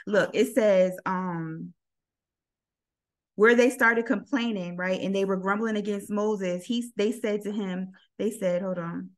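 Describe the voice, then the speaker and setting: A woman's voice: mid-range voice, measured pace. A woman leading a casual Bible study, reading verses aloud and calling on the group to help. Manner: animated, reading scripture aloud and asking the group.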